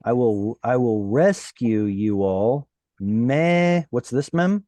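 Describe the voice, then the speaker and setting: Slow, lively-voiced male Hebrew teacher. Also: mid-range voice, no room sound. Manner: patient, questioning students. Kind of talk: online class teaching.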